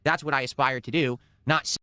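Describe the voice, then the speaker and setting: A man's voice: mid-range voice, steady tone, pushed and bright, clear, resonant tone. A man streamer ranting heatedly with a lot of swearing. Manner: fast, heated, swearing rant.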